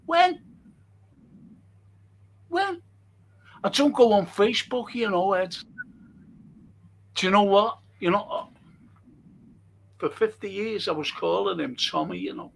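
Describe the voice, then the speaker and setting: Gravelly older Liverpool man spinning yarns. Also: sits high, measured pace, pauses often, slight background noise. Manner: storytelling, laughing often. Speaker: host. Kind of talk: casual chat reading viewer comments.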